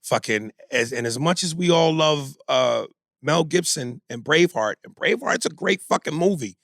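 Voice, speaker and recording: A gravelly-voiced man co-hosting a podcast, chatting casually and getting emphatic and profane as he makes his points. The sound is dry and close, with no room around it. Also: on the high side, lively intonation, moderate pace, fairly bright tone, no echo. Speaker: podcast co-host. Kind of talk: casual chat.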